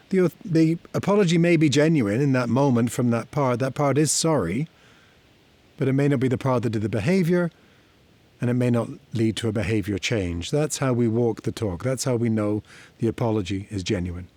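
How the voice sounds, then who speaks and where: Man calmly teaching parenting lessons. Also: medium pitch, brisk. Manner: reflective, conversational, tells personal stories. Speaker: therapy teacher. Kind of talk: explanatory talk to camera.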